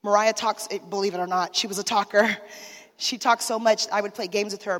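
A woman's voice: medium pitch, steady tone, brisk, fairly bright tone. Lady preaching her testimony, heartfelt storytelling, long reverb hanging in a big hall. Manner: emotional storytelling, talking straight to the listeners. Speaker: minister's wife giving testimony. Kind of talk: sermon testimony.

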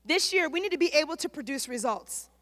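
A woman pastor preaching a sermon in a church, building to shouted, repeated declarations. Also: high-pitched, lively intonation, fast. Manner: preaching with rising shouts and repetition. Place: church sanctuary. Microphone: handheld microphone. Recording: long hall reverb.

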